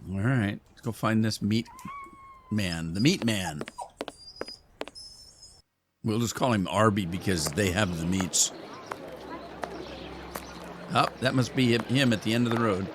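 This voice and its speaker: A man's voice: on the low side, measured pace, pauses often, noisy background. A man giving casual, joking commentary over a game walkthrough. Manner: joking, chatty. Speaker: gaming YouTuber.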